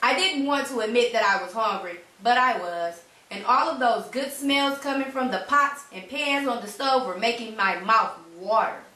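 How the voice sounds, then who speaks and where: A woman reading a children's storybook aloud in a clear, expressive narration. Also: on the high side, moderate pace, hardly any pauses. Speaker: reader. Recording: roomy, distant mic.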